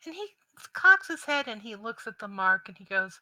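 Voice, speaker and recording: A woman narrating a tabletop game as game master, halting, with restarts and sentences that trail off quietly. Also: on the high side, very animated, dry recording, rough recording.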